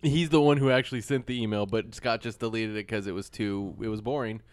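A man's voice: on the low side, fairly even intonation, fairly quick, smooth, dry recording. A man in casual chat with friends, animatedly recounting film scenes.

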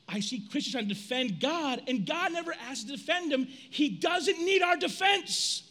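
A man in his forties preaching a sermon in a casual, animated way, reading scripture and breaking into loud outbursts. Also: extremely high pitch, moderate pace, few pauses. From United States. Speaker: pastor.

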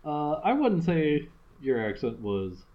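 A man's voice: fairly high pitch, big pitch swings, takes it slowly, muffled recording. A man co-hosting a podcast in wry, joking casual chat. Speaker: podcast co-host.

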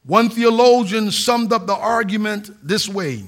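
A man's voice: high voice, a little slow. A middle-aged man, a pastor, preaching a sermon in an earnest, emphatic way with a few restarts.

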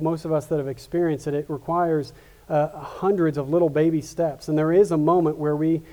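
A man's voice: a little high, warm tone. A man preaching a sermon as a pastor, earnest, often restarting and repeating words. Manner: earnest, with frequent restarts and repetitions.

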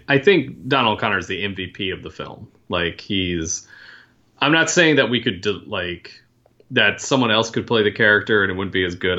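Bright, deep-voiced man on a dull line. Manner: rambling, apologetic, self-correcting. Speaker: podcast co-host. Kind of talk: casual film discussion. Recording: slightly dull, lo-fi sound.

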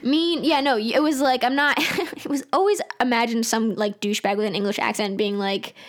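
A woman's voice: a little high, steady tone, normal speed. Young woman podcast cohost, teasing and sarcastic, joking around. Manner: teasing, jokey, playfully sarcastic. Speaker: podcast co-host. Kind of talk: casual chat.

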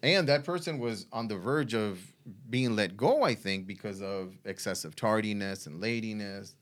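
A man, telling his faith testimony in a halting way, full of restarts and fillers. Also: lowish voice. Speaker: guest sharing a faith testimony. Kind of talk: conversational storytelling.

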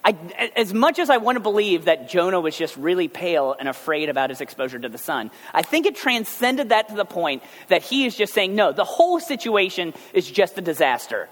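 A male pastor giving a conversational sermon, animated and joking as he talks to the congregation. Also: high voice, fairly quick, few pauses. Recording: long hall reverb.

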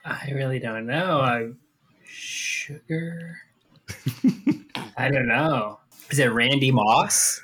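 A man's voice: medium pitch, very slow, pauses often, fairly bright tone, husky. A man playing along in a trivia podcast, dry and wisecracking in casual banter. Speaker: trivia player, co-host.

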